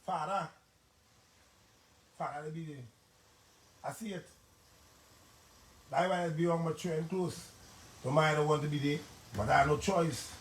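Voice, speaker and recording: A man's voice: a little high, fairly even intonation, unhurried, pauses often. Earnest Trinidadian man, roomy live-stream sound. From Trinidad and Tobago. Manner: earnest, pleading, rambling in dialect. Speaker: guest telling his life story. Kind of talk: emotional live-stream testimony.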